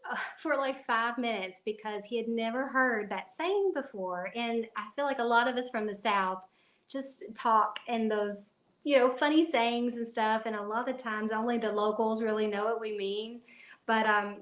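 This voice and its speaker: A woman's voice: fairly high pitch, a bit bright, echoey room. A woman with a Kentucky accent hosting a casual live chat stream from her phone, rambling and laughing often. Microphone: phone at arm's length.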